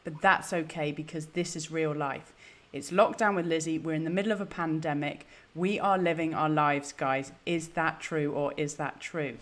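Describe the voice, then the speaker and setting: A woman's voice: deep voice, fairly even intonation, moderate pace, hardly any pauses. A woman hosting a live stream, chatty, flustered and self-deprecating. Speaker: host. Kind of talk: casual live-stream chat.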